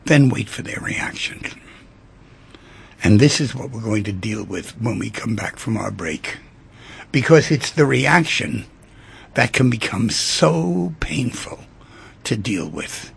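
A man hosting a talk show, speaking emphatically and telling stories with animated energy. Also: on the low side, slow, gravelly, pauses often, slightly rough. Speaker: radio talk show host.

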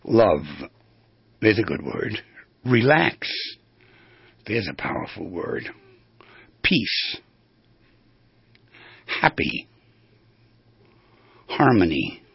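A man hosting a radio talk show, teaching in an animated, rambling way and demonstrating tones of voice. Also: lowish voice, very slow, gravelly, long pauses, husky, dry recording, lo-fi sound.

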